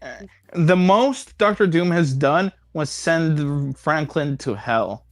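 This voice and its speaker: A man's voice: on the high side, expressive, slow, no echo, studio quality, faint music behind. A man co-hosting a stream, chatting in a hesitant, casual way with some swearing. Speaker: stream co-host.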